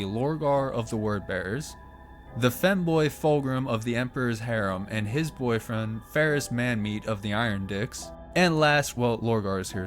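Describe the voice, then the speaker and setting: A man at a mid-range pitch tells a story with sarcastic, profane humor. He breaks in with quick offhand jokes. Faint music plays under his voice. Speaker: channel host. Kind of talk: irreverent comedic narration.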